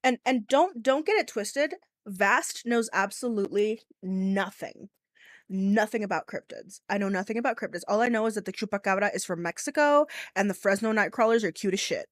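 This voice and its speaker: A woman's voice: medium pitch, moderate pace, dry recording, studio quality. A young woman streaming, chatting casually and ranting bluntly with lots of swearing and giggles. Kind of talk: casual live-stream commentary.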